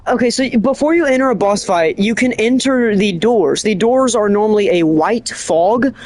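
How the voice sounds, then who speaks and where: Rambling, excitable game streamer. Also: medium pitch, moderate pace. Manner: rambling, excitable, keeps restarting and correcting itself; animated storytelling with bursts of laughter. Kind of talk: casual streaming chat.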